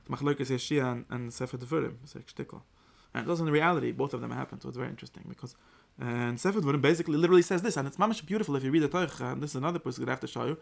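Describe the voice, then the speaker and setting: A man teaching an informal Torah class, lively and acting out the verses. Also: mid-range voice, racing, vocal fry, few pauses. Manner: animated, acts out the verse in God's voice.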